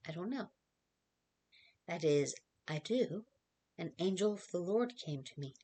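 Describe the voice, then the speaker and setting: A woman voicing a frightened yet faithful young girl who stumbles over her words and pleads to be believed. The voice sits slightly low and soft, in a dramatic reading. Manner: hesitant, halting, pleading.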